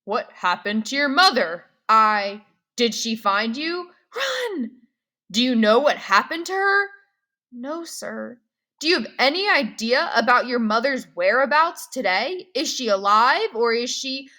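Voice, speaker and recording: A woman's voice: fairly high pitch, lively intonation, unhurried, sharp tone. Woman reading a blunt, unfriendly male official. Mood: pressing. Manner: blunt and pressing. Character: stern unfriendly male aid worker questioning a child.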